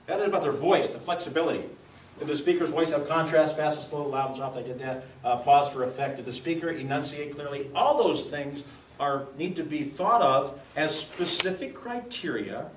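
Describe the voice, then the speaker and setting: A man leading a speech contest judges' training, teaching in a lively, demonstrative way with acted examples in a club meeting room. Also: medium pitch, slight background noise. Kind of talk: workshop lesson. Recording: echoey room, mic far off.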